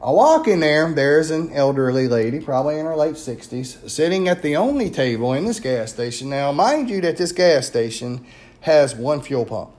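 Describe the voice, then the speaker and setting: A man's voice: on the high side, normal speed. Chatty man with a Louisiana accent. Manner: chatty and animated, many fillers. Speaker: paranormal investigator. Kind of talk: casual storytelling.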